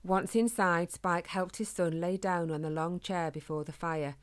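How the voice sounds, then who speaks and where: A woman reading a children's storybook aloud in a calm, gentle, steady way. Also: fairly low pitch, a little slow. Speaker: narrator.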